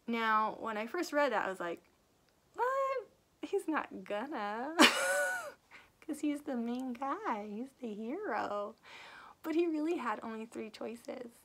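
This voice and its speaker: Animated woman reviewing a book. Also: a little high, a little slow, slight background noise. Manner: lively retelling with acted character quotes; laughs often while talking. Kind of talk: casual book review vlog.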